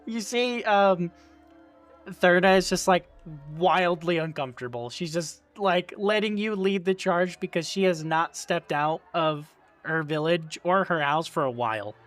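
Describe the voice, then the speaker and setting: A man's voice: sits high, measured pace, fairly bright tone, faint music behind. A man narrating as game master in a casual, rambling way full of fillers.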